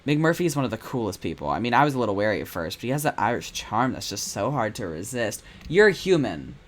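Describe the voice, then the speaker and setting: A man's voice: mid-range voice, very animated, quick pace. British male streamer, blunt asides, casual and sweary. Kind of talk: casual commentary while playing a game.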